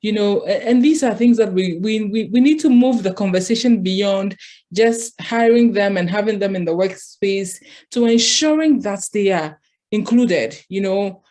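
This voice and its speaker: A woman's voice: mid-range voice, normal speed, warm tone. A woman speaking earnestly as a panelist in an online discussion, often restarting her phrases.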